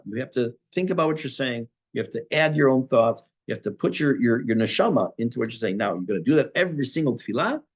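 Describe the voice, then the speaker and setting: A man, a rabbi teaching a class on prayer, reading Hebrew texts and explaining them in plain, conversational English. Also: mid-range voice. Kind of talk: spoken Torah class on prayer.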